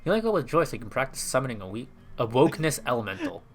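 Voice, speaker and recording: A man casually playing a video game with a friend, reading game text aloud in a relaxed, amused way. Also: medium pitch, rapid-fire, faint music behind. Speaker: game streamer.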